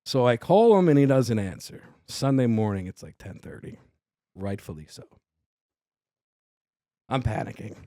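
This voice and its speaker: Animated New York storyteller, man. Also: mid-range voice, moderate pace, long pauses, no echo, clean studio sound. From Staten Island, New York. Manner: animated storyteller acting out both sides of dialogue. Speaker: podcast guest, comedian. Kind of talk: storytelling in casual chat.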